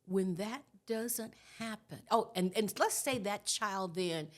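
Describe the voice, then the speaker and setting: Animated woman in her sixties teaching. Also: mid-range voice, slow. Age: 60s. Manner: animated, tags points with "okay?". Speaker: guest trauma educator. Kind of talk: conversational teaching.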